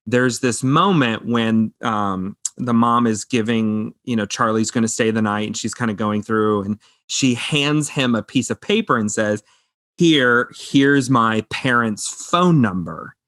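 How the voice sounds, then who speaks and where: A man's voice: mid-range voice, steady tone, a little slow, hardly any pauses, fairly bright tone, no room sound. A man co-hosting a casual movie podcast, eagerly quoting favorite film lines. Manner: enthusiastic, quotes film lines. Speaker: podcast co-host. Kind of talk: casual movie review chat.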